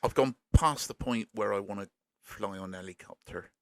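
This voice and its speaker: A man's voice: fairly low pitch, moderate pace, no room sound, studio quality. A man, an English paramedic, chatting casually and self-deprecatingly in a podcast interview, full of dad jokes. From England. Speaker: paramedic guest.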